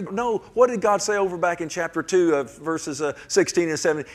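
An older man preaching a sermon in a folksy, rambling way, often asking the congregation "amen?" and swinging from hushed to loud and emphatic. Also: fairly high pitch, sing-song, fairly quick, hardly any pauses.

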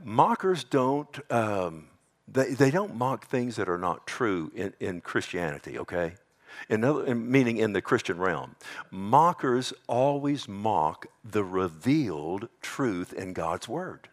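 A middle-aged man preaching a sermon as pastor, animated, jumping up to a high mocking voice when he quotes scoffers. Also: slow pace.

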